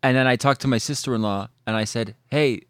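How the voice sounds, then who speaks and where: A man's voice: mid-range voice, a little fast, smooth, dry recording, studio quality. A man co-hosting a casual chat, telling stories with laughs and the odd swear word. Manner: laughing, swearing, animated storytelling.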